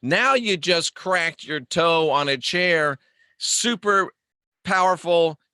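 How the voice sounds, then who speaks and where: A man's voice: a little high, lively intonation, slow, sharp tone, clean tone, dry recording, clean studio sound. A man hosting a casual livestream monologue, rambling and joking as he answers viewer comments. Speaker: host.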